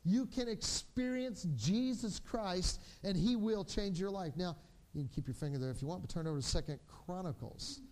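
Brief: male pastor, 40s, high-pitched voice, animated storytelling preacher who drops soft and low for reflection. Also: moderate pace. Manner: animated storytelling, acting out his children's voices. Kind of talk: sermon.

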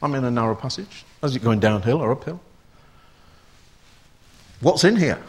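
Preacher: man, husky mid-pitched voice, chatty sermon full of rhetorical questions. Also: lively intonation, normal speed. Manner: conversational, asks the congregation rhetorical questions.

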